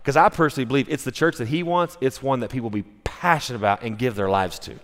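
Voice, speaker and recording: A pastor preaches in a casual, animated way, moving from story to scripture and acting out quotes along the way. He is a man with an ordinary mid-range voice. The sound carries the long reverb of a big church hall, heard through a stage mic. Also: medium pitch, quick pace. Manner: conversational, animated, with restarts and acted-out quotes. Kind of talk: sermon storytelling. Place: church sanctuary.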